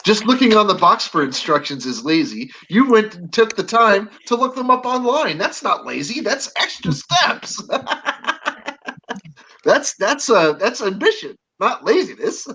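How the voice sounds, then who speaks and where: A man's voice: high voice, very animated, moderate pace, hardly any pauses, bright, forceful tone, slightly rough, poor audio. A man hosting a livestream panel in casual chat, joking and laughing often. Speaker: livestream host.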